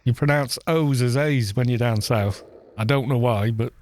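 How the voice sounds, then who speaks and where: A Welsh man streams a game and chats casually, rambling along with joking asides in a live-stream style. His voice is medium-pitched and a little mellow, and he talks at a moderate pace.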